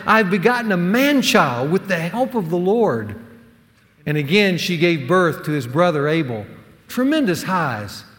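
A man preaching a sermon to men, earnest and emphatic, with dramatic pauses. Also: high voice, a bit bright. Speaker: pastor teaching a men's series. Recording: long hall reverb.

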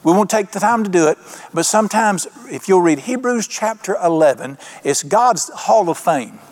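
A man preaching a sermon in a folksy, conversational way, slowing down for emphasis. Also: high voice, expressive. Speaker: pastor.

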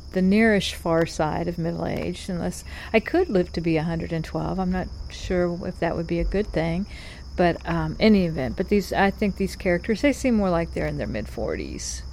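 A woman's voice: on the low side, gravelly, darkish tone, slight background noise. Chatty woman in her fifties. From North Carolina. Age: 50s. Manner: rambling and chatty, many restarts and asides. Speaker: podcast host. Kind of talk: casual monologue.

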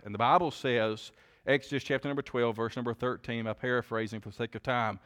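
A man preaching a sermon, impassioned, naming members of the congregation as he goes and swinging from loud peaks to hushed lines. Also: medium pitch, steady tone, fast. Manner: impassioned, builds to shouting climaxes then drops quiet; Southern preacher cadence, addresses congregation members by name.

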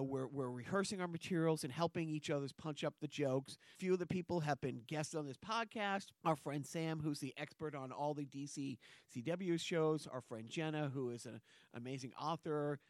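In this casual podcast chat, the male host, whose voice runs on the high side, jokes around and wanders from point to point, chuckling between ideas. It's recorded with clean studio sound and no echo.

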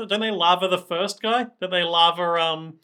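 Bright, playful man. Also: high-pitched, steady tone, moderate pace, clean tone. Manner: playful, laughs often, storyteller. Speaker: podcast co-host. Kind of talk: casual chat, recapping stories.

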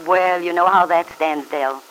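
An actress playing a warm, friendly, optimistic country aunt in a 1940s-style radio drama. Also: female voice, fairly low pitch, measured pace, poor audio.

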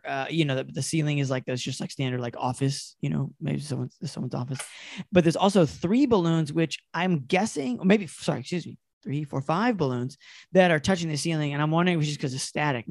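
A young man riffs in a loose, comic chat, stumbling through restarts and laughing at his own jokes. His voice sits fairly high, and it sounds dry and close with no room around it. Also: a little fast, vocal fry, no echo. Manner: rambling, laughs often, many restarts. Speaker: podcast host. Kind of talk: casual comedic chat.

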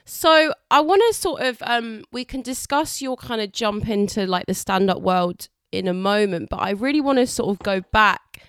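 A woman's voice: medium pitch, lively intonation, moderate pace, few pauses, fairly bright tone, clear, resonant tone, no echo, studio quality. A woman with an English accent, hosting a podcast and chatting in a self-deprecating, giggly way. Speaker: podcast host, comedian. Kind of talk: casual podcast chat.

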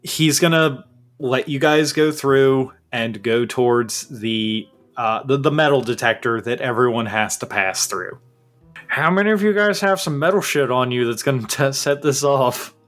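A man narrating and running a tabletop role-playing game in a relaxed, easily amused way. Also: medium pitch, unhurried, faint music behind. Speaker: game master.

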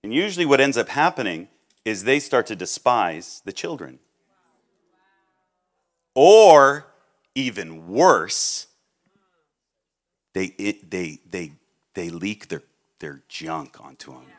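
A man preaching a sermon as a guest speaker, joking and acting out the people he quotes, then dropping low and quiet for serious points. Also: takes it slowly, long pauses. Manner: animated, jokey, acts out quoted people.

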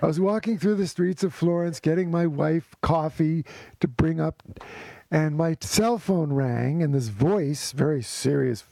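A man, a guest author, telling a story in conversation with lively delivery, restarting phrases and chuckling. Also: a little high, unhurried, creaky, no room sound. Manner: lively storyteller who acts out quoted voices, with restarts and chuckles.

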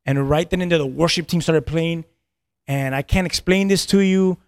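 On a podcast, a pastor in his thirties earnestly tells a personal story, often repeating his words and laughing between lines. His voice is on the high side with a clean tone, at a moderate pace and with no echo.

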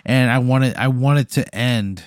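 A man's voice: mid-range voice, normal speed, no echo, clean studio sound. Exasperated, swearing man in comic banter. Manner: exasperated, profane. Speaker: podcast co-host. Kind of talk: casual comedic banter.

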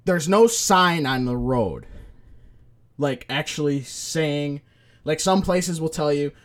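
A man's voice: on the high side, slow pace. A man co-hosting a podcast, telling rambling casual stories and swearing freely. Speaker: podcast co-host. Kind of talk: casual chat.

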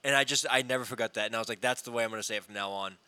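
Bright-voiced brash man cohosting sports talk. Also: medium pitch, very fast, clear, resonant tone, dry recording. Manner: brash, opinionated, swears freely. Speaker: podcast co-host. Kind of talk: casual sports radio chat.

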